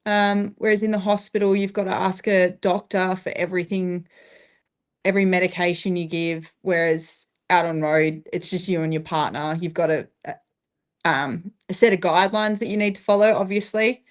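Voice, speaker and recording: A woman's voice: on the low side, steady tone, moderate pace. An Australian woman in her thirties, a paramedic, talking reflectively in a casual interview and laughing often. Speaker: guest, paramedic.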